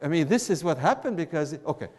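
A man, teaching a class in an emphatic, animated way and repeating his points. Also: fairly high pitch, fast, big-room sound. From Syria. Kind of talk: classroom lecture with banter.

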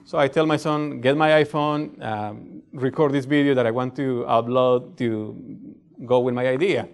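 This pastor, a middle-aged man whose English carries a non-native accent, delivers his sermon like a conversation and keeps asking "right?". The voice sits in the mid-range, steady and smooth with some creak, moving at a moderate pace.

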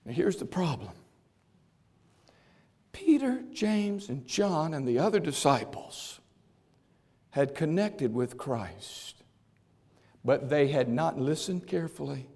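A male preacher delivering an impassioned sermon that swings from shouts to hushed tones, with long hall reverb. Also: fairly high pitch, very animated, slow, long pauses, slightly rough.

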